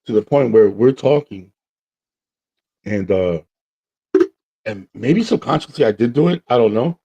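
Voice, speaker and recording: A man hosting a podcast, telling stories in a casual, slangy, animated way and acting out what people said. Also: mid-range voice, measured pace, husky. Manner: animated, slangy, acts out quotes. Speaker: podcast host. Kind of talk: casual storytelling chat.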